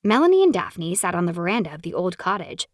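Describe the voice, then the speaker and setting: Expressive woman audiobook narrator. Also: fairly low pitch, fast talker, no room sound, studio quality. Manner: expressive, animated storytelling. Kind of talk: scripted romance narration.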